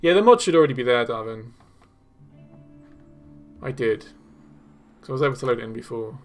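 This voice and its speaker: A young man hosting a live developer stream, reacting excitedly to community builds while he plays and talks to chat. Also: mid-range voice, a little fast, soft background music.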